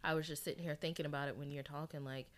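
A woman's voice: deep voice, fairly even intonation, very fast, over a noisy crowd. A woman in a casual Bible study discussion, talking animatedly and acting out imagined quotes.

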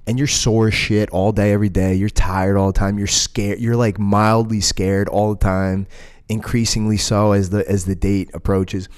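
A man's voice: fairly low pitch, normal speed, clear, resonant tone. A man co-hosting a casual podcast, telling rambling stories with plenty of swearing and restarts. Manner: rambling, profane, animated storytelling. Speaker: podcast co-host, jiu-jitsu school owner.

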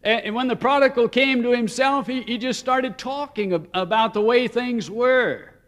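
A man with a high voice delivers a sermon in a story-telling way. He lingers slowly on weighty phrases, then hurries through his asides. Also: a bit bright. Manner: story-telling, shifts between slow emphasis and quick asides. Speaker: preacher.

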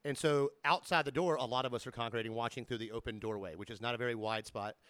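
A man's voice: mid-range voice, fast talker, a bit bright, clean tone, dry recording. A man from Georgia co-hosting a podcast, rambling through stories and chuckling as he talks. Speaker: podcast co-host. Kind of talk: casual storytelling chat.

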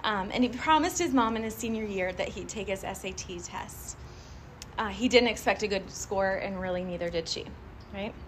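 A woman giving a live motivational talk to a group, animated and chatty, often laughing and asking the audience questions. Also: medium pitch, moderate pace, a little hiss or hum. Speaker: motivational speaker addressing a group.

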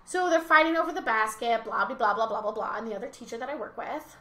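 A young woman with a bright, slightly high voice tells a classroom story on a casual podcast, slipping into the children's voices as she goes. She sounds like she is in a roomy space with some echo. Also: fast. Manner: animated storyteller, acts out kids' voices. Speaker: teacher and podcast co-host.

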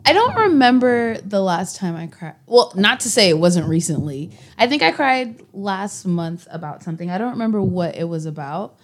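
A woman's voice: medium pitch, very animated, normal speed, hardly any pauses. Candid, laughing young woman. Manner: candid, laughs often, jokes about herself. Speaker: podcast co-host. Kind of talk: casual chat.

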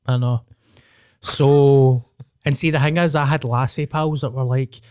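A man's voice: mid-range voice, fairly even intonation, normal speed, darkish tone, dry recording, studio quality. A young Scottish man telling stories with swearing and laughter in casual podcast chat. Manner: storytelling, swearing, laughing often.

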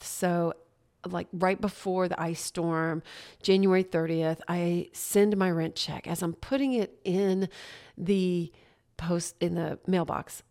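A woman podcast host telling a personal story in a casual solo episode, animated and laughing often, acting out what others said to her. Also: fairly low pitch. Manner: animated, laughs often, acts out quoted exchanges.

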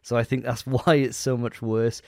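A man's voice: medium pitch, little pitch movement, moderate pace, gravelly, no echo, clean studio sound. A young man co-hosting a casual podcast, teasing his friends and stumbling over his words as he judges them. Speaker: podcast co-host. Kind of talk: casual banter among friends.

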